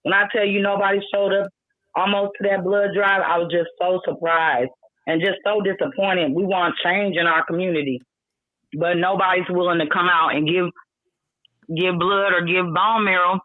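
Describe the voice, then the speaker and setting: A woman's voice: fairly low pitch, fairly even intonation, moderate pace, dry recording. A woman with a Milwaukee accent calls in to a radio show and speaks earnestly, pleading and plainly frustrated. She comes through a thin, tinny phone line with a dry, close sound. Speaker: caller.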